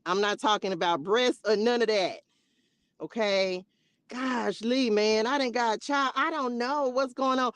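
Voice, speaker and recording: A woman's voice: on the high side, unhurried, no echo. A woman hosting a spiritual live stream, chatting casually and playfully with her viewers in a loose, slangy way.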